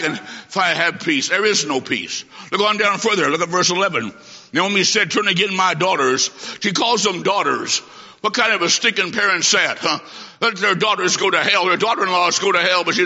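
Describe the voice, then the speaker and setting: A man preaching an emphatic sermon in a church, swinging from loud declarations to hushed asides. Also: high-pitched, lively intonation, moderate pace. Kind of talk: fiery sermon. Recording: dull lo-fi sound in a reverberant hall.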